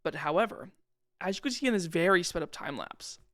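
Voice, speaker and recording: A man's voice: high voice, animated, brisk, a bit bright. A young man giving casual, rambling commentary over his own game footage, slangy and self-deprecating. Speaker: gaming channel host.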